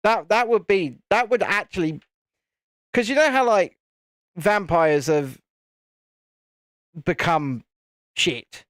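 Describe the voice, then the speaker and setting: A man's voice: sits high, lively intonation, takes it slowly, long pauses, fairly bright tone, no room sound. A man hosting a casual live stream, chatting and laughing while he builds, with mild swearing and frequent restarts. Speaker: host.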